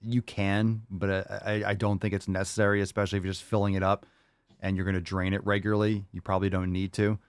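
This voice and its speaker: Low-voiced rambling male podcast host. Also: flat delivery, fast, clean tone, no echo. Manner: loose and rambling, repeats himself, jokey asides. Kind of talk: casual chat answering listener questions.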